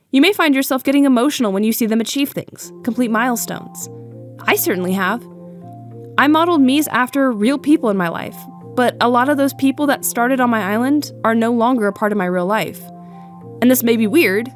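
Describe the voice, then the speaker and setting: Young woman narrating, higher voice. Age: young adult. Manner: earnest and reflective, with playful asides. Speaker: YouTube video essayist. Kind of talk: scripted narration.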